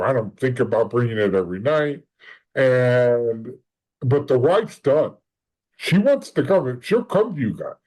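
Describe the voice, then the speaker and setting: As a podcast guest in casual conversation, a man tells a long first-hand story, rambling, restarting often and acting out the lines of the people involved. His voice is mid-range with a darkish tone, and the recording quality is low.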